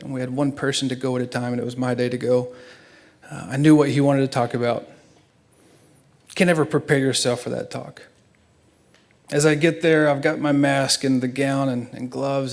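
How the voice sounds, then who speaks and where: Gravelly-voiced man giving an emotional eulogy. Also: mid-range voice. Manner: earnest storytelling, voice swings between hushed and loud. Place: church.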